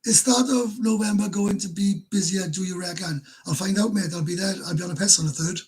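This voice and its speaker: A man's voice: high-pitched, fairly quick, darkish tone, breathy edge, poor audio. A man with a Welsh accent hosting a live stream, chatting casually and reading out viewer comments in a blunt, rambling, self-mocking way.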